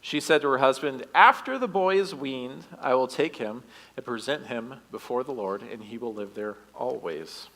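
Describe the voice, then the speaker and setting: A youth director giving a sermon in church, reading scripture aloud and breaking in with joking asides. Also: male voice, mid-range voice, moderate pace. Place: church sanctuary. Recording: long reverb of a church hall.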